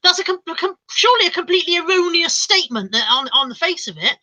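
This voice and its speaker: A woman's voice: extremely high pitch, expressive, fast talker, bright, forceful tone, lo-fi sound. A woman co-hosting a casual live-stream chat, rambling through stories and laughing often. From England.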